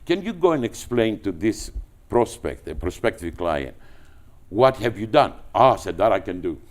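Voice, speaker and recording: A man from Greece with a Greek accent, telling business anecdotes as a guest, animated and full of restarts. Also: lowish voice, normal speed. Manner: animated, with frequent restarts and repetitions. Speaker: entrepreneur guest. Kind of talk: anecdotal storytelling.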